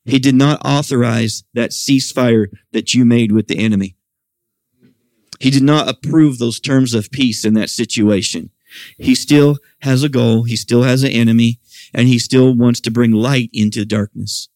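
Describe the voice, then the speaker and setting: Middle-aged male pastor, animated sermon delivery, mid-range voice, dry close sound. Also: moderate pace, dry recording. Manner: animated preaching, voicing quoted questions in a raised pitch. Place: church service.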